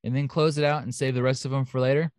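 Man, podcast host, jokey, laughing, medium pitch, dry close sound. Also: steady tone, quick pace, a little mellow, dry recording. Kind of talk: casual podcast chat, reading news.

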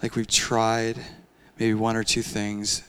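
A young man preaching a sermon in a conversational, animated way, often using casual fillers. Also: fairly low pitch, slow, clear, resonant tone. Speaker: pastor.

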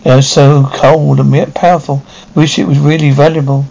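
A greedy young woman under a snake curse, pleading and stumbling over her words, read aloud by a man. The voice is gravelly and sits a little high. It sounds like an amateur horror storybook reading. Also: flat delivery, moderate pace, dark tone, lo-fi sound. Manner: pleading, faltering.

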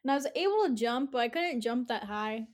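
A woman's voice: a little high, expressive. A young woman chatting casually with a friend, giggly and teasing as she tells her own dream. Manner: giggly, teasing, quick interjections. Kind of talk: casual chat.

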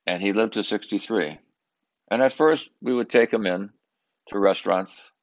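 Speaking in a voice on the low side, with the high frequencies cut off, an older Southern Californian man recounts a family story. He is emphatic and earnest, stumbling into repetitions while reaching for the right words.

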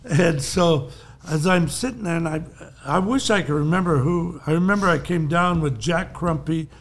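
A man's voice: fairly high pitch, moderate pace. An older man, a podcast co-host, telling long rambling anecdotes in casual chat and chuckling often.

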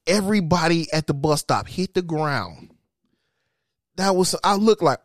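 A man, telling rowdy stories in a profane, animated casual chat. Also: fairly high pitch, normal speed, no echo, clean studio sound. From Detroit, Michigan.

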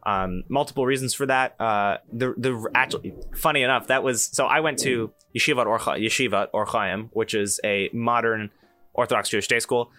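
A man's voice: medium pitch, a little fast, no room sound, faint music behind. A young man hosting a podcast, telling a story in casual chat with many fillers and restarts. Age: young adult. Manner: animated, many restarts and fillers, acts out quoted voices. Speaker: podcast host.

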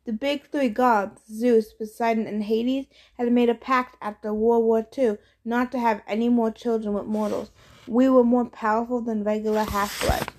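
Woman audiobook reader, wry conversational narration, slightly high voice. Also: a little mellow, slight background noise. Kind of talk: first-person storybook narration.

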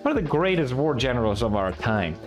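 A man's voice: medium pitch, very animated, fairly quick, soft background music. A young man from Sweden, giving casual, sarcastic and profane reaction commentary as a video host.

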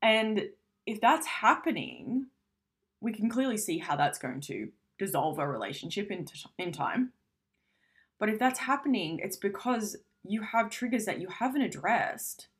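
A woman's voice: medium pitch, sing-song, unhurried. A woman giving a casual self-help talk, speaking frankly and conversationally, swearing now and then.

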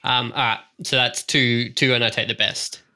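Guy playing an rpg, super bright sharp voice, joking around. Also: medium pitch, little pitch movement, normal speed. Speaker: player. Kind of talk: tabletop game play.

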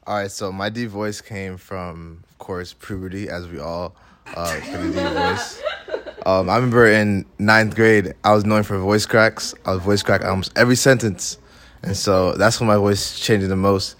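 A young man sits in as a guest on a casual chat show, talking in an easygoing, joking way. His voice sits very low, deep and steady. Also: normal speed, slight background noise.

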